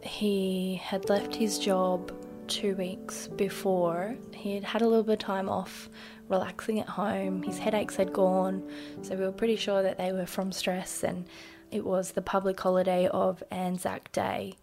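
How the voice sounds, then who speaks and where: A woman in her thirties with an Australian accent, casually telling a personal story in an interview with lots of "like" fillers and a hushed voice at times. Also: medium pitch, level tone, unhurried, over music. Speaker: interview guest.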